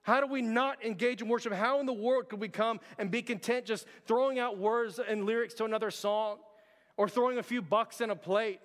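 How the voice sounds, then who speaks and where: A man's voice: extremely high pitch, fairly even intonation, a little fast. A man preaching a sermon as pastor, earnest and conversational, often calling out to the church. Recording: long hall reverb.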